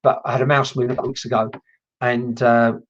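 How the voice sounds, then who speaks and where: A man's voice: medium pitch, level tone, a little fast. A man working as a spiritual medium, chatting casually and rambling on a livestream while answering viewers' comments. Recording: dull lo-fi stream audio.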